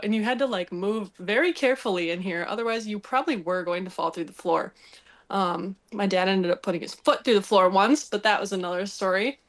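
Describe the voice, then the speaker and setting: A young woman spins a story from her childhood on a podcast, laughing often and acting out each voice she quotes. Her pitch sits in the middle of the female range and her delivery is casual and lively. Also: normal speed. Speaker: podcast guest telling a hunting story.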